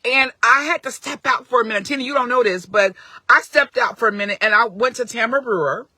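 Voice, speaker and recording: A woman's voice: on the high side, quick pace, pushed and bright, slightly rough, no echo. A middle-aged woman telling a heartfelt story on a phone live stream, earnest and emphatic, with frequent restarts. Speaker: parent advocate streaming live. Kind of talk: casual live-stream talk.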